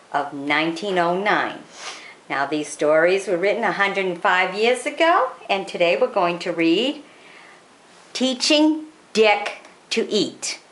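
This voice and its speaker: A woman's voice: on the low side, reverberant, a little hiss or hum. A woman casually introducing old magazine stories and signing off to her viewers. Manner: chatty, lively sign-offs. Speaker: channel host introducing readings.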